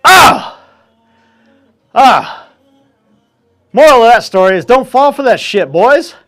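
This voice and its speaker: A man hosting a solo podcast, telling a crude story in a casual, profane, animated way. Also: extremely high pitch, fairly quick. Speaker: podcast host.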